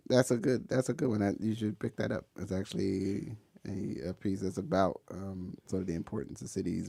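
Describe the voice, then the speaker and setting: A man's voice: low voice, gravelly, dark tone, slightly rough, no echo. A middle-aged man hosting a podcast, chatting with his son in an encouraging, teasing way. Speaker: podcast host. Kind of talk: casual father-son chat.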